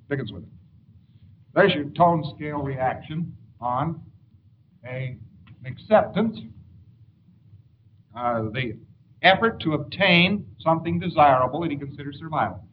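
A man's voice: fairly high pitch, expressive, unhurried, long pauses. A man giving a lecture in a wry, anecdotal way, acting out examples as he goes, on a dull old tape recording. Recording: dull lo-fi tape with faint hiss.

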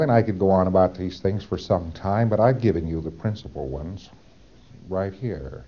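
A man giving a technical lecture, explaining step by step with dry humor and acting out short examples, on a dull lo-fi tape recording. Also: lowish voice.

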